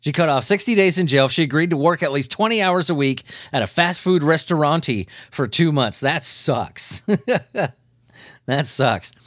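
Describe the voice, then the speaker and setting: Guy hosting a weird news podcast, rambling profane jokes, chuckles a lot, a bit higher pitched, dead dry mic. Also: expressive, moderate pace, a bit bright, no room sound. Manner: irreverent, profane riffing with frequent chuckles; loose, rambling tangents. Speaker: podcast host. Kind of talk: comedic news commentary.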